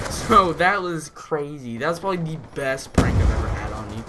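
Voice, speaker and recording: A man's voice: on the high side, moderate pace, heavy background noise. A teenage boy hosting a gaming channel, telling a school story in a casual, rambling way with lots of fillers and restarts. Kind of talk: casual storytelling over gameplay. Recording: loud game gunfire behind the voice. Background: loud video game gunfire and shooting.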